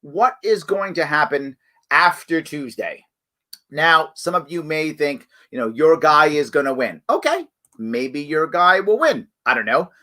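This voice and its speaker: A man's voice: fairly high pitch, animated, a little slow, bright, forceful tone. A middle-aged man hosting a live online show, talking in an emphatic, conversational way and often checking in with "right?". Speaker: show host.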